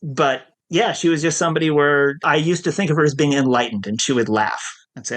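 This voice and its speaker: Middle-aged man, gravelly voice, mid pitch, candid and self-deprecating, laughs easily, interview guest. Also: a little fast, a bit bright. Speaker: guest, addiction counselor. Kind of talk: reflective interview storytelling.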